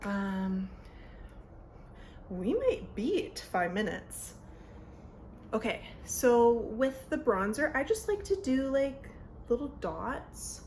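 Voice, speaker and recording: A young woman with a fairly high, darkish voice speaks slowly, pausing often, her pitch swinging widely. She's a beauty vlogger rambling through a casual makeup tutorial at her home mirror and cutting herself off. Her phone camera records slight background noise.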